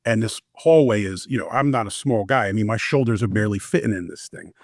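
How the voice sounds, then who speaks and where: A man, a former warrant investigator, telling stories in a relaxed, anecdotal way in an interview. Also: on the low side, fast talker, no room sound, studio quality. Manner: relaxed, anecdotal, lots of fillers. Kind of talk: casual interview storytelling.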